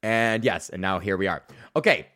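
A man's voice: low-pitched, animated, normal speed, a bit bright. A man hosting his own podcast, telling a long profane story from a stand-up gig in a rambling, casual way, laughing at his own jokes and acting out the people in it. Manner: rambling, swears constantly, laughs at own jokes, acts out voices in stories. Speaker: podcast host, stand-up comedian.

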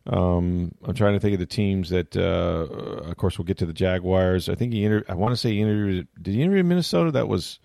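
Middle-aged guy on sports talk, low voice, rambly and casual, dry close mic. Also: fast talker, creaky, hardly any pauses, dark tone, no room sound. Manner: rambling, self-interrupting storyteller. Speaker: sports talk show host. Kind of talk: casual chat.

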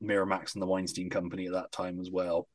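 A man's voice: low-pitched, monotone, quick pace, crowd noise. A man hosting a podcast, making matter-of-fact, wry remarks in casual chat. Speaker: podcast host.

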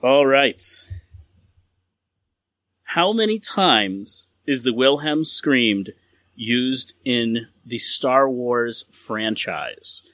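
A man hosting a casual trivia game among friends, reading out questions and multiple-choice answers deliberately. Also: medium pitch, expressive, a bit bright, dry recording. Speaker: trivia quiz host. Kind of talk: casual game-show chat.

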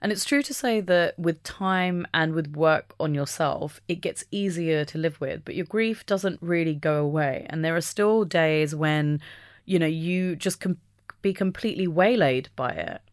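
A woman speaking as an interview guest, talking openly and reflectively, with the odd soft laugh. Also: deep voice, a little slow, no room sound, studio quality. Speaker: podcast guest. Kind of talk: candid conversational interview.

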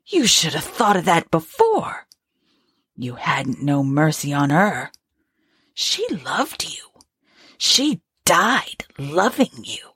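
Bitter grieving old servant woman, low and husky, slow and scolding read by a woman narrator. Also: wildly swooping pitch, a bit bright, no room sound, studio quality, exaggerated voice. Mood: scornful. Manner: harsh, scolding, rural ungrammatical speech. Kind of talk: audiobook reading.

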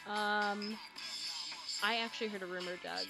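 A woman's voice: mid-range voice, steady tone, unhurried, creaky, over music. A young woman co-hosting a podcast in casual chat, rambling and laughing often. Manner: giggly, rambling with frequent ums. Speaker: podcast co-host.

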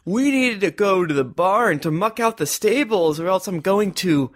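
A man playing his character in a tabletop role-playing game, animated and laughing often, close to the microphone. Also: sits high, moderate pace. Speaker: player.

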